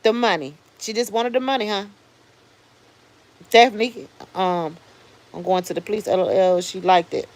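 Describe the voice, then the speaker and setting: A woman in her fifties hosting a livestream, giving blunt, animated commentary, swearing freely and answering viewer comments. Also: mid-range voice, moderate pace, long pauses. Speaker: livestream host. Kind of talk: casual commentary.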